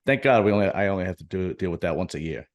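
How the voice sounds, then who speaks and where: Brief: deep-toned male podcast host, profane, jokey, rambling casual chat. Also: very fast. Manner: joking, profane, rambling with restarts.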